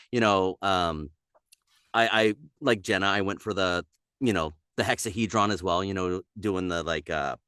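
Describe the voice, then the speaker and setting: A man who voices characters, chatting casually on a podcast, animated and slipping into quick character bits. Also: fairly low pitch, no echo, studio quality. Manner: animated, slips into character voices mid-story. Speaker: voice actor guest.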